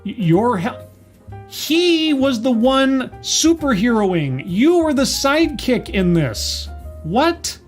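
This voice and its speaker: A man with a fairly high voice reviews a TV episode in a loose, chatty recap. His delivery is sarcastic and mocking. Faint music sits under the voice. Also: big pitch swings, slow pace. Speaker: TV show reviewer.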